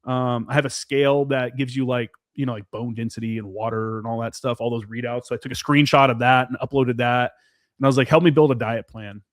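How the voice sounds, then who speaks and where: Brief: plain-spoken veteran guest, open and sweary, medium voice, no room sound. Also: male voice, mid-range voice, steady tone, brisk, no echo, clean studio sound. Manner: candid, profane, peppered with "dude" and "man". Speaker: podcast guest, former Marine forward observer. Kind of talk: casual podcast chat.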